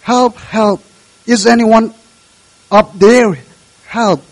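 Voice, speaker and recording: A desperate man dangling from a cliff calls out frantically and pleads for rescue, as a preacher acts him out in a story. The voice sits high for a man. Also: steady tone, extremely slow, full character voice, rough recording.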